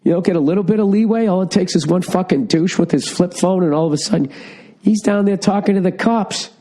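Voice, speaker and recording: A man's voice: sits high, fairly quick, warm tone. A middle-aged man hosting a podcast, ranting sarcastically through a profane comedic monologue. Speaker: podcast host.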